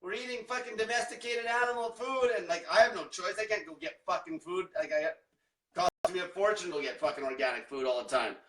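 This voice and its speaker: A man's voice: high voice, brisk, fairly bright tone, recorded from a distance. A man coaching viewers in a blunt, combative rant full of swearing. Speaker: diet coach. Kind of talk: profane motivational rant. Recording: echoey room, off-mic.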